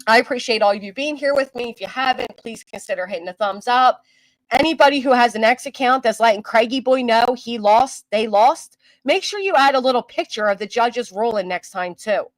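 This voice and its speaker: A woman's voice: fairly high pitch, a little fast, no echo, poor audio. A woman hosting her commentary channel, ranting in a heated, profane, scolding way. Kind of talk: angry commentary rant.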